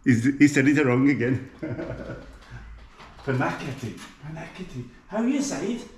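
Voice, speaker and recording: A man's voice: mid-range voice, sing-song, a little fast, a little mellow, slight background noise. Chatty Birmingham man in an echoey kitchen. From Birmingham, England. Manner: chatty, self-mocking, talks to viewers. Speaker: home cook vlogger. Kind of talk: casual cooking vlog. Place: home kitchen. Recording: echoey kitchen with faint clatter.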